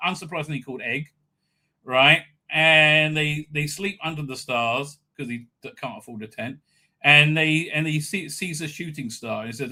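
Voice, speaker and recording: Slightly high, bright, and forceful, this man's voice carries a live stream where he casually goes over an episode. His recap rambles, with frequent stammered restarts and a habit of ending lines with "right?"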